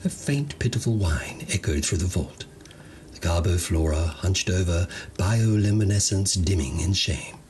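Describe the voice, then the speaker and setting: A man narrates a comedic sci-fi tale in a low voice with a lively, wandering intonation. His delivery is wry and playful, like a storyteller relishing each line. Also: a little slow, a little hiss or hum.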